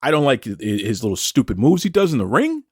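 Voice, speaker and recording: A man's voice: mid-range voice, sing-song, brisk, a little mellow, slightly rough, dry recording, studio quality. A man hosting a wrestling commentary show, ranting in a taunting, combative way and firing off rhetorical questions. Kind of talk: opinionated wrestling commentary rant.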